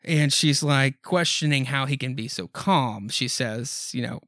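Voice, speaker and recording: A man's voice: mid-range voice, unhurried, a bit bright, no room sound. Man rambling through a dry podcast recap. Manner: rambling, frequent ums and asides. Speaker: podcast host. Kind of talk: casual comic book recap.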